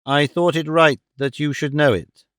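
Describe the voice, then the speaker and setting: Earnest grown son, pleading, smooth voice pitched a touch high, dry close sound, read by a man. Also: steady tone, moderate pace, a bit bright, no echo, close to an everyday voice. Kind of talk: audiobook character voice.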